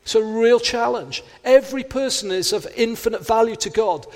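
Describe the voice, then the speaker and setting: A man's voice: very high-pitched, normal speed, a little mellow. A man preaching a sermon, earnest, sometimes acting out quoted inner voices. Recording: long hall reverb.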